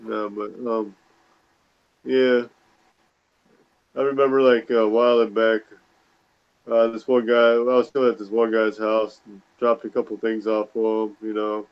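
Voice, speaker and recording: A man's voice: on the low side, flat delivery, unhurried, long pauses, clear, resonant tone. Man, casual chat guest, rambling, lots of fillers, muffled audio. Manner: rambling, hesitant with many fillers. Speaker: livestream guest. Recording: dull lo-fi call audio.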